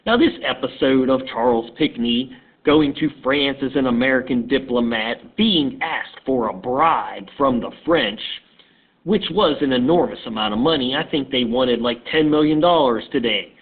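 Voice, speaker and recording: A man teaching history as a casual story, talking in a halting, conversational way, recorded on a tinny phone-like line. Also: medium pitch, slightly rough.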